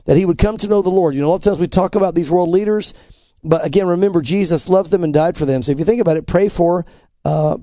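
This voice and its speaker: A man's voice: sits high, fast talker, mellow, dry recording, studio quality. A middle-aged man, a pastor, giving emphatic, earnest commentary on news articles in a preaching style. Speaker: pastor, co-host.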